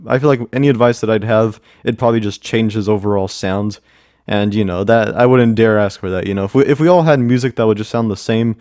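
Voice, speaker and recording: A man reviews music in a casual, rambling way, often repeating himself and leaning on fillers. His voice sits at a middle pitch and sounds dry and close, with no room echo. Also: a little mellow. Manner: rambling, with many repeats and "you know" fillers. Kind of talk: casual commentary.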